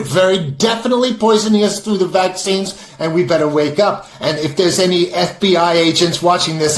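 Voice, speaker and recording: A man with a high voice rants aggressively, swearing and now and then breaking into shouts. His voice rings with a roomy echo. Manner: aggressive, profane, at times shouting. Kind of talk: ranting monologue.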